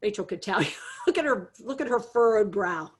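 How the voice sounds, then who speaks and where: A woman teaching a webinar on dementia care, talking over a video call with a lively, demonstrative manner. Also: mid-range voice, normal speed. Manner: lively, demonstrative, acts out examples. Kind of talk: webinar presentation.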